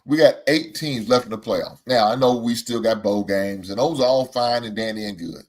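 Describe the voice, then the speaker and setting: A man hosting a casual sports talk show, using Southern American slang and talking in an animated, exclamatory way with frequent laughs. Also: medium pitch, moderate pace. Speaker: host.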